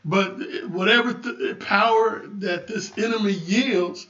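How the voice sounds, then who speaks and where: A man giving a rambling spiritual talk on a livestream, stumbling over restarts and building to loud preaching. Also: sits high, slow pace. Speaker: livestream host. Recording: echoey room, distant dull lo-fi mic.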